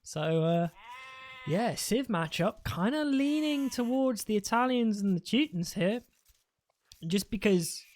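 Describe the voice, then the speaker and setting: A woman's voice: mid-range voice, expressive, takes it slowly, a little mellow. A woman casting a live strategy game match in a loose, rambling way, swearing freely and laughing at her own jokes. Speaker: esports caster. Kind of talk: casual live game commentary.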